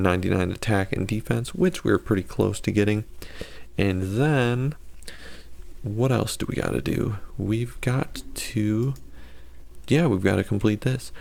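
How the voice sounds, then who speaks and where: Telling a story over casual gameplay commentary, a man rambles, corrects himself, and throws in sarcastic asides. His voice is lowish, gravelly, and a little mellow.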